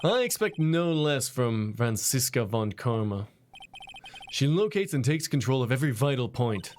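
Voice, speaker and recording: A man voicing an earnest young male defense lawyer with lively, pointed questioning. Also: medium pitch, normal speed, a little hiss or hum, natural voice.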